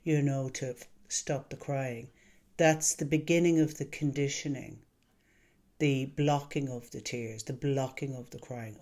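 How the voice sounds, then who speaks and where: A man speaking as a wellness coach in an unhurried, gentle monologue. His voice sits a little higher than most men's, and he takes his time, pausing and restarting as he talks earnestly to the viewer. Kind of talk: calm reflective monologue to camera.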